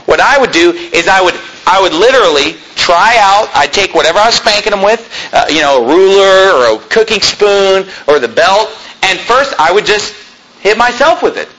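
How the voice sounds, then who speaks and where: A middle-aged man preaching a sermon as pastor, emphatic, with quick asides to the congregation. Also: high-pitched, animated, a bit bright, low-quality recording.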